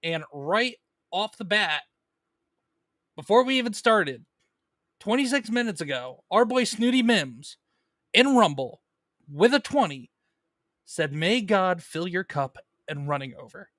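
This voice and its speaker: A man hosts a casual comic book live stream, reading chat messages aloud and talking loosely with plenty of fillers. His voice sits a little high and sounds bright and forward. The recording is dry and close to the mic. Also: sing-song, measured pace, pauses often, no echo. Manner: chatty, with many fillers and restarts, reads viewer messages.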